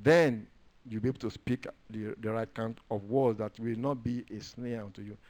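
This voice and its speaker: A man preaching a sermon, quoting and reading scripture, moving between hushed low asides and loud raised declarations and drawing out words for stress. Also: steady tone, normal speed.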